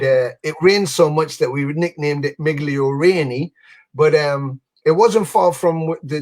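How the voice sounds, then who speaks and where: A man, a guest musician, telling animated anecdotes in a casual chat over a video call, often saying "you know". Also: a little high.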